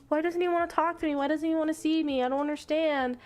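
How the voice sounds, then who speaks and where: A woman voicing a shy teenage schoolgirl in love, talking high and anxiously. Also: steady tone, fast, a little mellow, lightly acted.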